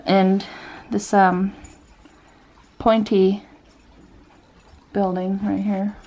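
A woman's voice: mid-range voice, little pitch movement, drawn-out words, low-quality recording. A young woman vlogging in casual chat, giggly and chatty, recorded in a parked car at night. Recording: loud background noise.

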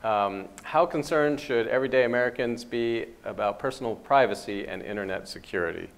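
A man moderating a university talk, reading out audience questions in a dry, low-key way. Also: brisk, gravelly. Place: university lecture hall.

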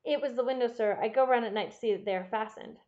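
A woman's voice: fairly high pitch, fast, a little mellow, lightly acted. Lady doing a scared secretive butler, pleading and agitated, lo-fi audio. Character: frightened middle-aged male butler, secretive.

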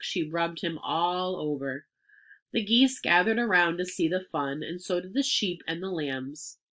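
A woman reading a children's book aloud expressively, now and then stopping to explain a word. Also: fairly low pitch. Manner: expressive, pauses to explain words. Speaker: reader.

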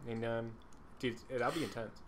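A young man co-hosting a gaming podcast, excitable and laughing often. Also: mid-range voice, normal speed, slight background noise. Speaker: podcast co-host. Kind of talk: casual gaming chat.

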